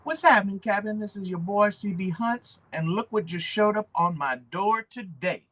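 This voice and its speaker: A man's voice: high voice, normal speed, sharp tone, voice pushed up. A man doing an impression of an upbeat male online toy reviewer who greets his fans with a hyped catchphrase.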